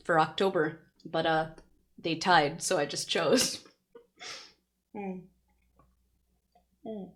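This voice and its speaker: A woman's voice: lowish voice, slow, pauses often, a bit bright. A woman streamer reading a light novel aloud and chatting with her viewers, laughing often.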